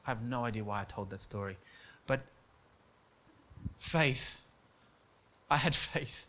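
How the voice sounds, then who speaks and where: A man's voice: mid-range voice, slow, pauses often, fairly bright tone, slight background noise. A man preaching a sermon, earnest and emphatic, moving between personal stories and scripture.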